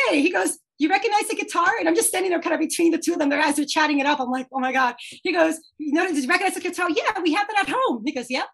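A high-voiced woman tells a fan story with lively energy. She laughs often and acts out the lines she quotes in a bright, playful way. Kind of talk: casual storytelling.

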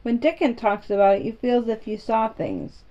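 A woman's voice: on the high side, expressive, moderate pace, mellow, muffled recording, lightly acted. A woman voicing a frank, contrary young girl who speaks plainly and earnestly, in a storybook reading.

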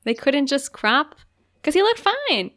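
A woman's voice: sits high, big pitch swings, a little slow, fairly bright tone, slight background noise. A woman co-hosting a podcast, recapping an episode in casual chat, full of "like" and acted-out quotes. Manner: chatty, frequent "like", acts out quotes. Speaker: podcast co-host.

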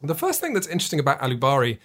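A man's voice: on the high side, wildly swooping pitch, very fast, a bit bright. A man hosting a board game podcast in casual chat, chatty and self-deprecating, explaining at length. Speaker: podcast host.

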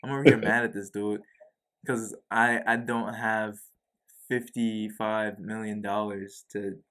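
A man's voice: on the low side, level tone, unhurried, fairly bright tone. A young man co-hosting a podcast in casual, joking chat, often saying "bro". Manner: laid-back, joking, says "bro" often. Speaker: podcast co-host.

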